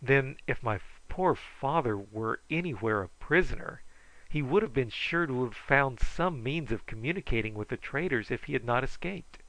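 A man's voice: mid-range voice, lively intonation, moderate pace, fairly bright tone, dry recording, rough recording. Give me an eager young lad, earnest and pleading, as a man reads him, dry and close. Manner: eager, pleading, at times mournful. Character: earnest young male explorer searching for father.

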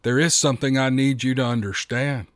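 A man's voice: mid-range voice, steady tone, brisk, no room sound, studio quality, natural voice. A man voicing a cold, stern male government official in a story, with a clipped, commanding delivery.

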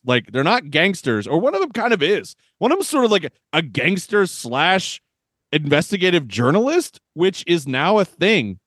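Animated wisecracking man in his thirties. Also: fairly high pitch, dry recording, clean studio sound. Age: 30s. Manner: wisecracking and animated, laughs often. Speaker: podcast co-host. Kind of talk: casual movie-review chat.

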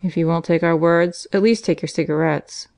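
A woman's voice: fairly low pitch, fairly even intonation, moderate pace, darkish tone, dry recording, natural voice. Woman doing a clipped, blunt male detective. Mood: brusque.

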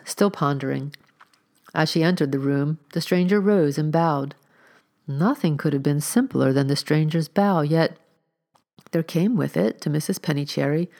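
A woman reading a period story aloud as narrator, at a measured, steady pace. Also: deep voice. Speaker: audiobook reader.

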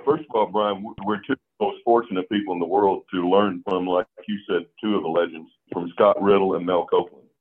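A man guesting in a casual interview, plainspoken and earnest as he tells stories from his business. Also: low-pitched. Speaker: insurance agency owner, guest. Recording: tinny phone-like line.

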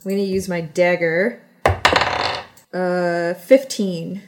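A woman's voice: on the low side, fairly even intonation, slow, very noisy. A woman playing in a tabletop game, talking in a blunt, playful way. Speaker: player.

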